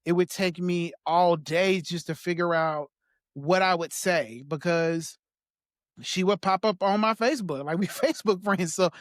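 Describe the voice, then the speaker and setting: Soft-spoken man, a bit high, dry sound. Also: dry recording. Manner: soft-spoken, halting, with gentle laughs. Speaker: podcast guest. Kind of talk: reflective personal conversation.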